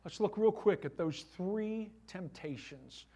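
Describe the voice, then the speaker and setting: A middle-aged male pastor preaching a sermon to his church, animated, with voiced asides. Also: sits high, slow.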